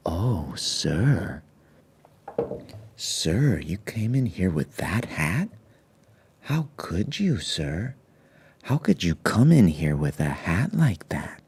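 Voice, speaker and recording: A man voicing a fawning male shop clerk in a whispered role-play, cooing slowly and breathily about hats. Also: deep voice, very animated, darkish tone, a little hiss or hum, heavily acted. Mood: flirty scolding.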